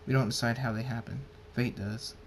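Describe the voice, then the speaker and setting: Guy doing a loyal pony lord, solemn, kinda halting, faint rumble behind. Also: fairly even intonation, lightly acted, rough recording. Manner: plain, halting read with restarts.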